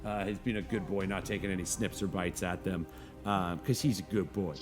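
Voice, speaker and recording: A man with a lowish voice narrates a tabletop game as its game master. He talks in loose, rambling bursts full of fillers and restarts. Soft music plays faintly behind him. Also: steady tone, fairly quick. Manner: rambling, full of fillers, jumps into high squeaky voices for children.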